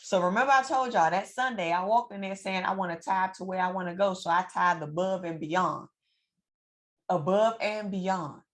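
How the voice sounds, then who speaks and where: A woman telling a personal story to her viewers in a lively, preacherly way, repeating phrases for emphasis. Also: fairly low pitch, normal speed. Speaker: financial coach and vlogger. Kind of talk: casual storytelling to camera.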